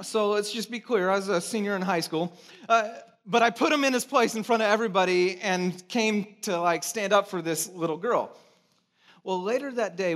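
A man's voice: high-pitched, a bit bright. A man in his thirties from California, preaching a sermon as a pastor in a conversational storytelling way with self-mocking humor.

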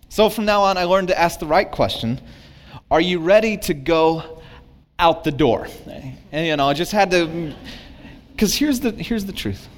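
Middle-aged guy preaching, fairly high voice, acts out both sides of a spat. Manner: animated storytelling, acts out both sides of arguments. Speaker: pastor. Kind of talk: sermon.

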